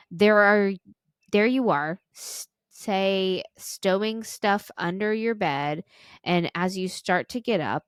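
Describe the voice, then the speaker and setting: A woman's voice: medium pitch, no echo, clean studio sound. A woman podcast co-host reading a listener's story aloud, with small stumbles and restarts.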